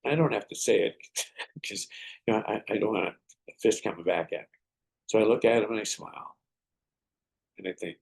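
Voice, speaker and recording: A man's voice: on the low side, moderate pace, creaky, long pauses, darkish tone, breathy edge. A man hosting a motivational podcast, telling stories and giving earnest, preacherly advice. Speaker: podcast host and martial arts teacher.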